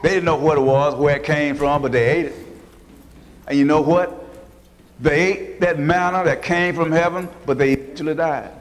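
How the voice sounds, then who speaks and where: A man's voice: a little high, steady tone, moderate pace. A man preaching a sermon, telling Bible stories in a folksy way and acting out the people in them with different voices. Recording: long hall reverb.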